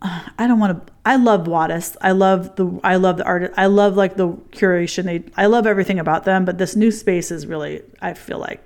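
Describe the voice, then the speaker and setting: A woman's voice: lowish voice, brisk, vocal fry, darkish tone. A woman in casual chat, telling a long, rambling story and swearing freely.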